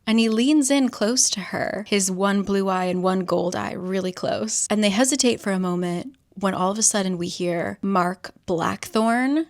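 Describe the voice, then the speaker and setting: A woman's voice: medium pitch, measured pace, hardly any pauses. A young woman casually recapping a novel's plot, chatty with profane joking asides. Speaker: book recap host.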